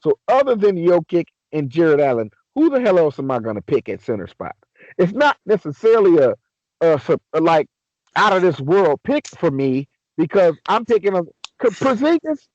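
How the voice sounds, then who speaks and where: A young man on a casual sports podcast, ranting excitably and swearing a lot. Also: a little high, normal speed, no echo, lo-fi sound. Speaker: podcast co-host.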